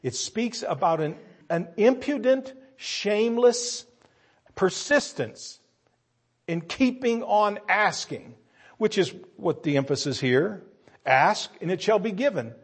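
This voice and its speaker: A man with a husky, slightly high voice preaches a sermon. He acts out a story in changing voices and climbs to loud, forceful emphasis. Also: animated, takes it slowly. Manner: acts out scenes in different voices, rising to loud emphatic peaks.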